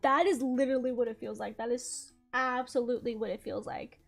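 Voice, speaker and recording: A young woman streamer chatting casually while gaming, telling stories in an animated, giggly way. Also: a little high, brisk, gravelly.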